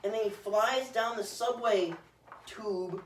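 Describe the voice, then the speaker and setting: A man's voice: sits high, takes it slowly. Young guy rambling about a movie with lots of likes, kinda far from the mic in an echoey room, bit of hiss. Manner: rambling with many "like"s, acting out quotes in silly voices. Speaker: podcast co-host. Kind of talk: casual chat, rambling movie recap. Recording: roomy, off-mic, faint hiss.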